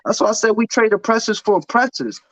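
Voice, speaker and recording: A man's voice: sits high, animated, fast, a bit bright, dry recording. A man telling his story in casual chat, blunt, profane and heated. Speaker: podcast guest. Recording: dull, dry lo-fi sound.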